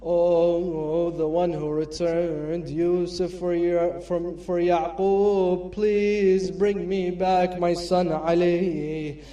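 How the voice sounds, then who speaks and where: A man's voice: sits high, little pitch movement, extremely slow, few pauses, dark tone, highs cut off, voice pushed down. A man chanting the prayer of a grieving mother who pleads for her son's return. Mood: pleading. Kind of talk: chanted mourning recitation. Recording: echoey hall from far off, faint music.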